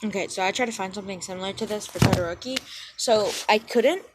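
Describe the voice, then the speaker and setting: A woman's voice: mid-range voice, quick pace, heavy background noise. A young woman casually retelling a fan story, rambling and often correcting and apologizing for herself.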